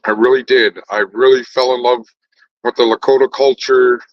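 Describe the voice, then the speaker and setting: A man's voice: mid-range voice, level tone, normal speed, dull audio. A man talking in a casual conversation, laid-back and slangy, swearing freely.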